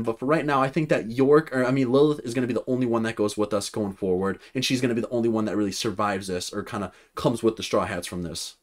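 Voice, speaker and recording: A young man reviewing a manga chapter in casual commentary, rambling with lots of fillers and restarts. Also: medium pitch. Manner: rambling, many fillers and restarts, reads character lines flatly.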